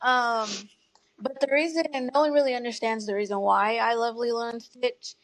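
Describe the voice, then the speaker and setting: A woman in her thirties telling her story as an interview guest, earnest and tearful at times, with soft laughs. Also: fairly high pitch, fairly even intonation, normal speed, no echo, low-quality recording. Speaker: guest parent advocate. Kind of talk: emotional personal storytelling.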